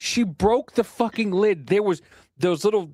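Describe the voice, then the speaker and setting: A man's voice: high-pitched, animated, unhurried, a little mellow, dry recording, clean studio sound. Profane rambling man on a podcast. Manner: swears a lot, rambling storyteller. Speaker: podcast co-host. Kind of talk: casual podcast chat.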